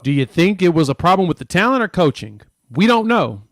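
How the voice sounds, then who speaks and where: Brief: male co-host, slightly high voice, dry close sound, loose talk-show delivery, self-correcting. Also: sing-song, fairly quick, dry recording. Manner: thinks aloud, self-correcting. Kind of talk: casual sports chat.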